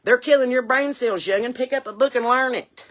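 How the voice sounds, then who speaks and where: A woman's voice: fairly high pitch, fairly quick, a bit bright, natural voice. A woman playing a brash, indignant chain-smoking mom, scolding and firing off rhetorical questions. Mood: indignant rant. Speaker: comedy character creator. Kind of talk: character comedy rant.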